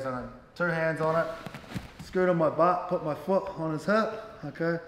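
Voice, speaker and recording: A man with a New Zealand accent, a gym coach talking casually and explaining technique in a relaxed, slangy way. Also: on the high side, a little hiss or hum. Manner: relaxed, slangy, lots of fillers. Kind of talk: casual interview and technique instruction. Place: gym hall. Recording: echoey gym hall.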